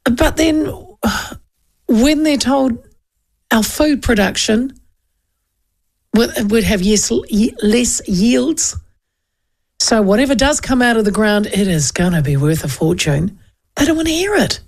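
Middle-aged NZ woman, radio talkback host, lively anecdotal delivery, slightly raised pitch. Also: slow pace, pauses often. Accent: New Zealand. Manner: chatty, animated storyteller reading listener texts. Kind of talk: casual talkback radio chat.

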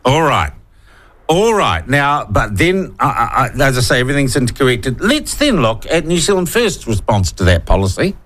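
A man's voice: mid-range voice, very animated, moderate pace, fairly bright tone. A man hosting a political radio discussion, pushing his guests with sardonic questions. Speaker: radio host.

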